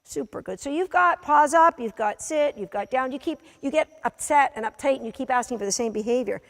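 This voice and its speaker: A woman instructing a dog training class, giving brisk, matter-of-fact commands to a dog and its handler, sometimes teasing. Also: sits high, expressive, a bit bright. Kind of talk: coaching a live training session. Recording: long reverb of a large hall.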